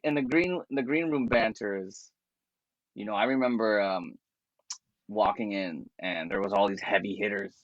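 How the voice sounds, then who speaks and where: A man's voice: lowish voice, dry recording, highs cut off. A man who is a comedian, telling stories in a laid-back, slangy way and laughing often in a casual podcast chat. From Canada. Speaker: comedian guest.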